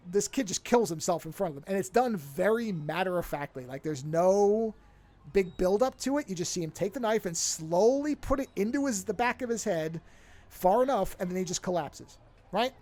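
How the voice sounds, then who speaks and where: Expressive and a little fast, this man's voice sits high with a slightly mellow quality. As a podcast co-host, he rambles through a movie plot in a relaxed way, catching and fixing his own slips mid-story.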